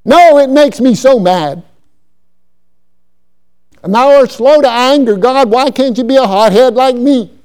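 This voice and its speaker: A man voicing an angry, hotheaded male prophet who shouts his complaints at God. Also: extremely high pitch, moderate pace, few pauses, smooth, pitched above the performer's own voice. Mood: indignant.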